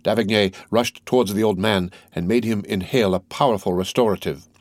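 A man narrating a classic novel in a steady, unhurried reading. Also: lowish voice, dry recording. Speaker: audiobook narrator.

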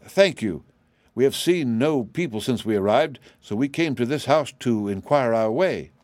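A man's voice: medium pitch, animated, normal speed, darkish tone, dry recording, close to an everyday voice. A polite, careful old wizard explains himself in a storybook, voiced by a man reading the book. His manner is courteous and his sound dry and close. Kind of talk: audiobook character reading.

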